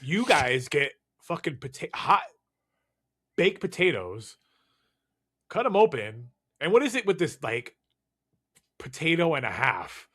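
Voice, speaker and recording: A man's voice: on the high side, sing-song, measured pace, pauses often, fairly bright tone, husky. A man co-hosting a casual podcast chat, ranting in a profane, emphatic way. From California. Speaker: podcast co-host.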